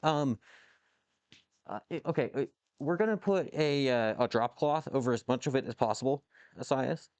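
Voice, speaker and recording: A livestreamer chats casually with viewers while machining in his home workshop beside a lathe, wandering off topic, cursing and responding to chat. He has a mid-range, darkish voice at a moderate pace, with no room sound.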